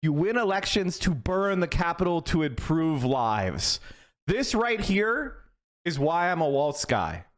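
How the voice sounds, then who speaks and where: Male streamer, high and lively voice, profane heated rant, swings from yelling to muttering. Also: a little slow. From Pennsylvania. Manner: reads news passages aloud and reacts. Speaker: political streamer. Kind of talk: ranting livestream commentary.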